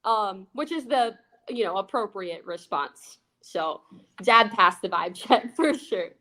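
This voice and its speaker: A young woman, an aquarist, telling a funny work story in a bubbly, excitable, casual way with plenty of fillers. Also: medium pitch, slow pace. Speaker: aquarist guest.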